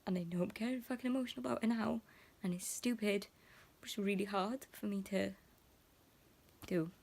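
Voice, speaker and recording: A woman's voice: medium pitch, brisk, vocal fry, a little mellow. A young woman talking emotionally in a casual vlog, rambling with lots of fillers and slipping into half-whispered asides. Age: young adult. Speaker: vlogger.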